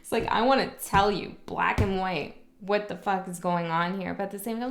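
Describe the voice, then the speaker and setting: Quick and gravelly with hardly any pauses, a woman at medium pitch gives a casual, candid tarot reading, often checking in with "okay?". Faint music plays in a room with noticeable echo.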